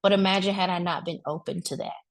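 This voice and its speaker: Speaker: woman with a lowish voice, giving a motivational grief talk in a loose, colloquial preaching style. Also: fast talker. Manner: conversational preaching, addresses the crowd directly; relaxed colloquial speech with vivid asides. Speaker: speaker at a wellness event.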